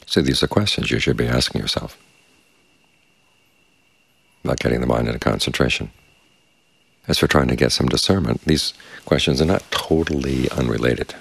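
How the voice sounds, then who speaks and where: A man teaches meditation in a very deep, gravelly voice. He talks calmly and without hurry, guiding his listeners. The sound is dry and close, with almost no room echo. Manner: calm, measured, unhurried. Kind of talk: dharma talk. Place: quiet meditation space with crickets outside.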